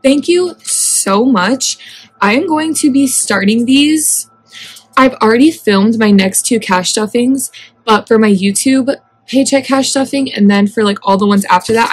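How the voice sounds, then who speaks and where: A young woman with a Southern US accent, talking in a casual home vlog. She gushes and gets excitable, with lots of fillers. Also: fairly high pitch, slightly rough. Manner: gushing and excitable, fast filler-heavy talk. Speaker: vlogger. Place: home indoors. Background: lawn equipment outside.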